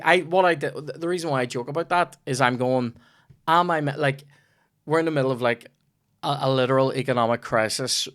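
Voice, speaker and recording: A man's voice: mid-range voice, a bit bright, clear, resonant tone, dry recording, clean studio sound. A young man with a Northern Irish accent hosting a chat show, telling rambling, sweary stories in a casual way. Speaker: comedian podcast host.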